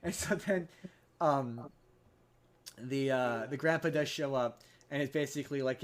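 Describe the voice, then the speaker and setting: On his podcast, a man takes his time retelling a film plot, leaving long pauses. It's casual and rambling with frequent restarts, and he uses high voices whenever he quotes characters.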